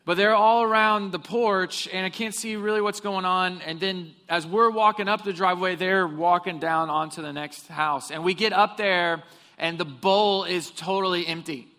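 High, bright-voiced male pastor preaching. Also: fairly even intonation, moderate pace. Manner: humorous storytelling, asks the congregation questions. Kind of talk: sermon. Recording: long reverb of a hall.

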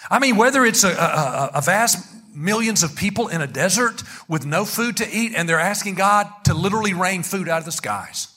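A man's voice: high voice, animated, brisk, bright, forceful tone, husky. A pastor preaching a sermon, a man who talks animatedly and calls on his congregation to repeat words with him.

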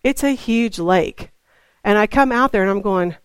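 A woman's voice: mid-range voice, moderate pace, clean tone, no echo. A woman preaching in a chatty storytelling way, acting out her talks with God. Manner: chatty, acts out dialogue with God. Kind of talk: storytelling sermon.

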